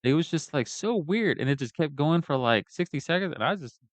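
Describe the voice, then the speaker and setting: A man's voice: a little high, animated, fairly quick, dry recording. A man ranting in a casual, profane and rambling way as he tells a personal story. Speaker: vlogger giving a personal account. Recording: dull lo-fi dry recording.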